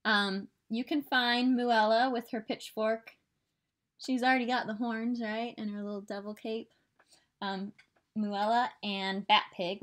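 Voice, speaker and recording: A woman in her thirties from southern Illinois with a Midwestern American accent, chatting in a casual, upbeat way about her stitching, with rambling asides. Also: medium pitch. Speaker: stitching vlogger. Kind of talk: casual chat. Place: home.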